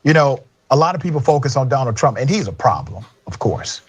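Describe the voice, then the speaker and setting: A man's voice: medium pitch, big pitch swings, a little fast, background noise. A man giving emphatic news commentary.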